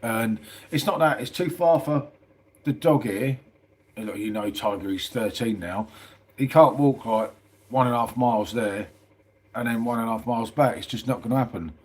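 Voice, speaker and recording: A man's voice: medium pitch, normal speed, husky. Chatty middle-aged man, says mate. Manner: chatty, says "mate" often, reads out viewer comments. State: tired. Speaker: livestream host. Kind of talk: casual live-stream chat.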